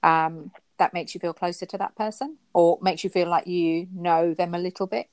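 A woman with a fairly low voice, recorded dry and close, chatting casually. She tells her stories animatedly and jumps up in pitch for quoted exclamations. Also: fairly even intonation, moderate pace, darkish tone, no room sound. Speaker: podcast co-host. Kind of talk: casual chat.

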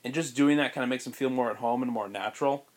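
A man co-hosting a podcast, pitching a story in rambling casual chat with many fillers and frequent laughs. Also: fast talker, darkish tone. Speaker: podcast co-host.

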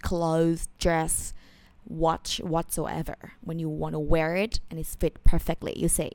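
A woman leads an online lesson at a brisk clip. She explains patiently and slips in polite particles, recorded dry and close with no room sound. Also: lowish voice, darkish tone, smooth, no room sound. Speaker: Thai language teacher.

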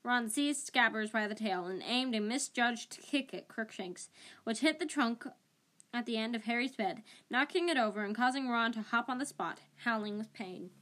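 A woman's voice: fairly high pitch, moderate pace, fairly bright tone. Woman reading a story with small slips. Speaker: audiobook reader. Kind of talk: amateur audiobook narration.

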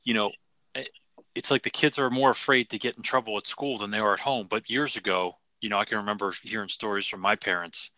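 Easygoing co-host guy, low but bright voice, dry close mic. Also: fairly even intonation, fairly quick, no room sound. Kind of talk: casual podcast chat.

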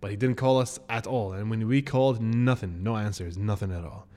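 A man hosting a podcast, telling a story in a casual, animated way, acting out the people in it with sudden jumps in pitch. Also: a little fast. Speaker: podcast host.

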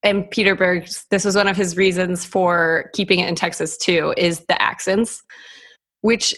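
A woman's voice: lowish voice, fairly even intonation, moderate pace, a bit bright. A young woman co-hosting a podcast in casual chat, laughing often and filling her talk with "like", heard over a video call. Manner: chatty, laughs often, lots of "like" fillers. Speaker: podcast co-host.

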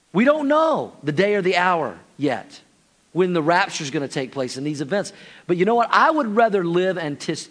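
A man's voice: a little high, fairly bright tone. A pastor preaching a sermon, talking straight to his congregation and acting out their reactions. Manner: addresses the congregation directly, acts out listeners' reactions.

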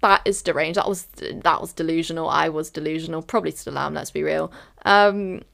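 Young woman rambling on her solo podcast, kinda low voice with lots of vocal fry, says like a lot and corrects herself. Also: fairly quick, fairly bright tone. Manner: candid, rambling, full of fillers and self-corrections. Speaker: podcast host. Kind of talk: reflective solo podcast monologue.

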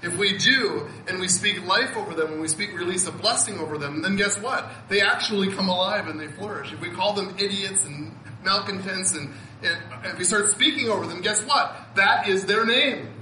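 A man in his fifties delivers a heartfelt sermon, laughing often and repeating words as he presses his point. His voice sits high and very bright. The hall around him rings with echo and a faint hum of ambience. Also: moderate pace, hardly any pauses. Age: 50s. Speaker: pastor.

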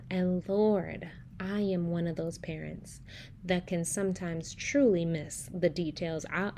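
A woman's voice: on the low side, mellow, slight background noise. A young adult woman hosting a faith-based podcast, telling stories in a chatty way with preacher-like emphasis. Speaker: podcast host.

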